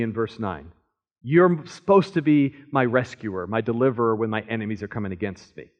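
A man's voice: mid-range voice, expressive, normal speed. Earnest male Bible teacher, muffled recording. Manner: earnest, emphatic, voices the psalmist's pleas in first person. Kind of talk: sermon-style Bible teaching.

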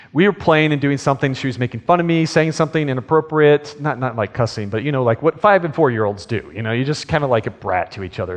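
A man preaching a sermon, telling a childhood story in an earnest way and acting out pleading lines. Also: medium pitch. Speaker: pastor. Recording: long hall reverb.

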